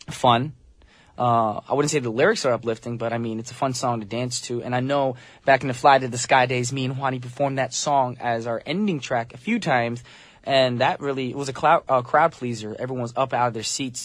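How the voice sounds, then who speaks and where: A man's voice: mid-range voice, fairly bright tone, no echo. Male radio DJ, thirties, upbeat and jokey, close studio mic with no room sound. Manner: upbeat, joking, reads listener messages. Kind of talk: casual radio DJ chat.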